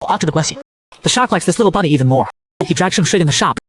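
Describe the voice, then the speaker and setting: Fast-talking male comic recap narrator. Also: on the high side, animated, husky.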